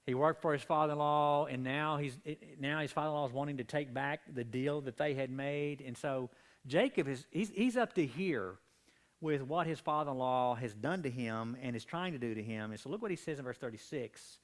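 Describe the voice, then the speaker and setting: At a moderate pace and medium pitch, a man preaches a midweek church Bible study. As a pastor reading scripture, he grows more animated and intense, his voice becoming strained.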